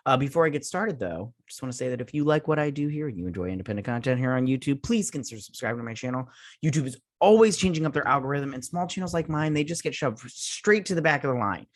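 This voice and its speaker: A man's voice: medium pitch, animated, fast, no echo, clean studio sound. A man hosting his own channel, reviewing a TV episode in a rambling, scatterbrained casual chat. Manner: rambling, scatterbrained, many restarts.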